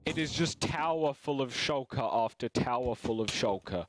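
A British man on a live game stream who swears a lot and mocks himself as he plays. His voice sits in a middling pitch. The stream audio carries a clear hiss. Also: normal speed. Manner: excitable, swears a lot, self-mocking. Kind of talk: casual gaming chat.

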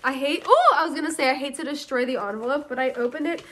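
A woman's voice: high-pitched, quick pace, fairly bright tone, slight background noise. A woman in her early twenties, chatting bubbly and gushing as she opens and reads fan mail aloud in a casual vlog. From United States. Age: early 20s. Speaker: YouTuber opening fan mail.

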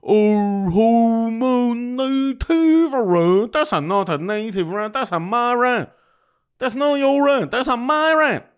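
A man's voice: very high voice, expressive, slow pace, clean tone, voice pushed up, heavily acted. A man voicing a gushing, eager male immigrant caricature in an over-the-top, sing-song manner.

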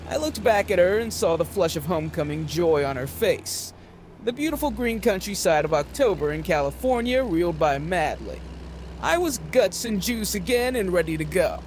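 A man reading a novel aloud as narrator, with an expressive delivery. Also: high voice, normal speed, slight background noise. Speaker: audiobook narrator.

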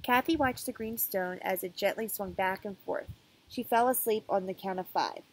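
A woman's voice: medium pitch, moderate pace, slight background noise, poor audio. A woman teacher reading a children's chapter book aloud to her students, with casual asides, fillers and self-corrections.

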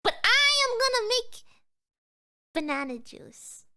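A woman's voice: very high voice, very animated, slow pace, sharp tone. A sleepy young woman streamer rambling drowsily as she chats to her viewers, often trailing off. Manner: chatting to viewers. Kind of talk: casual livestream chat.

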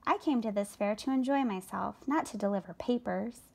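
A woman's voice: medium pitch, brisk, vocal fry, a little mellow. A woman voicing a greedy, sneering male rat with a brash way of talking.

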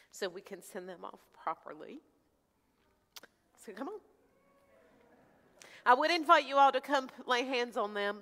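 A woman's voice: medium pitch, a bit bright. A woman pastor leading prayer, heartfelt and informal, close to tears. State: near tears. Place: church sanctuary. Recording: hall reverb with faint music.

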